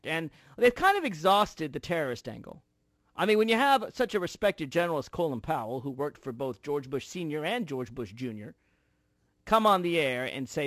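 A man's voice: fairly high pitch, fairly bright tone, no echo. A man hosting a political talk radio show, delivering an emphatic, sarcastic monologue from a studio.

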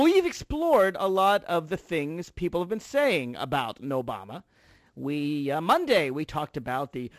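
A man's voice: high-pitched, fairly bright tone, no room sound. A man hosting a political talk radio show, delivering an emphatic, sarcastic monologue from a studio.

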